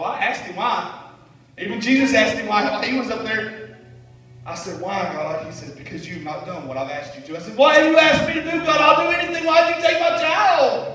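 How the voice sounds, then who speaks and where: A male evangelist, his voice high and bright. He swings from shouted praise to hushed storytelling with laughing asides. He sounds far from the mic in a very echoey church hall, with faint music underneath. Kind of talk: fervent preaching. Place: church sanctuary.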